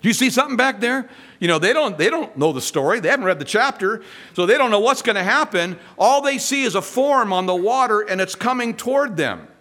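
A male pastor delivering a sermon in a high, bright voice. His pitch swings widely as he tells the story with humor and acts out the voices of the people in it. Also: sing-song, a little fast.

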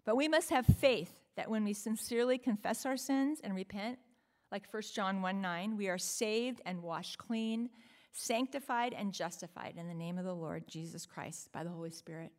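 A woman's voice: medium pitch, moderate pace. A woman preaching a sermon in an earnest, emphatic way, often asking the listeners rhetorical questions.

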